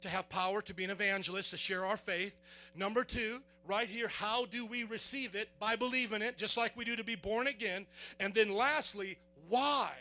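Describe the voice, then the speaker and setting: A man preaching a sermon as pastor, fervent, quizzing the congregation in call-and-response and building up to shouts. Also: high-pitched, fairly even intonation, normal speed.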